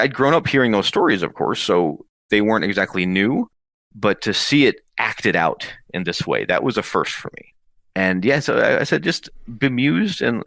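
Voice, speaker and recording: Here is a man with a low voice telling a story in a casual, lively way. His pitch rises and falls a lot as he brings his memories to life. The recording is dry and close. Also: creaky, no echo. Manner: lively, animated retelling with acted quotes. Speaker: interview guest.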